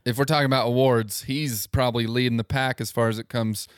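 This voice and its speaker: Podcast cohost guy running through a game recap, bit of um-ing, mid pitch, dry sound. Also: steady tone, clean tone, no echo. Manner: recaps games in quick bursts with ums. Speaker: podcast co-host. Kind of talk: casual sports chat.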